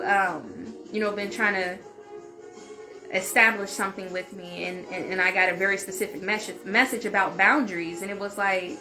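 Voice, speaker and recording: A woman vlogger telling a story in a casual, animated way, full of "like" and swearing. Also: medium pitch. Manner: animated, frank, peppered with "like" and swearing. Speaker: vlogger and healing channel host. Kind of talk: casual story-time monologue.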